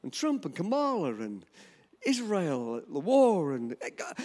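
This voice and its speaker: A man in his seventies preaching a sermon, telling a personal story in an animated, chuckling way. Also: fairly high pitch, measured pace. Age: 70s. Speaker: pastor.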